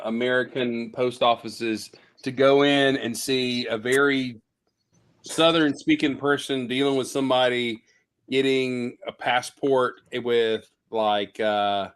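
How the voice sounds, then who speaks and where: A man's voice: mid-range voice, fairly bright tone, clear, resonant tone. A man co-hosting a casual talk show, rambling and joking with many fillers. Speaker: podcast co-host. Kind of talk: casual chat.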